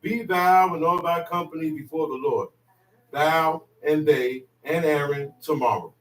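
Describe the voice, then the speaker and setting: A man's voice: on the high side, a little slow. A man reading scripture aloud to a congregation in old Bible wording. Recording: echoey room, far from mic.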